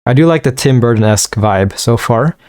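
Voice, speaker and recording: A man's voice: medium pitch, animated, a little fast, darkish tone. Young man casually narrating a game. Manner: offhand, swears and mutters reactions while reading game text aloud. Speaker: let's-play gamer. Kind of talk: casual gameplay commentary.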